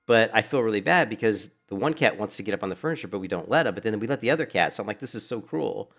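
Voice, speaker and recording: A man's voice: lowish voice, animated, racing, fairly bright tone. A middle-aged man chatting casually while streaming a game from home, a laid-back, rambling storyteller who swears freely. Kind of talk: casual chat while playing. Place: home in Florida.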